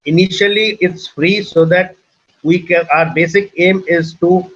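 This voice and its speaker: A high-pitched, husky man hosts an online webinar. He speaks in an assertive, persuasive way. The call audio sounds muffled and lo-fi. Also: steady tone, measured pace, a bit bright. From India. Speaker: webinar host and organizer. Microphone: video call.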